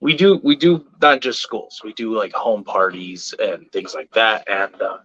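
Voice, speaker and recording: A man hosting a casual interview, talking in a relaxed, easygoing way about his educational reptile shows. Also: fairly low pitch, unhurried, highs cut off. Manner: relaxed, easygoing talker with many fillers. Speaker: podcast host and reptile educator.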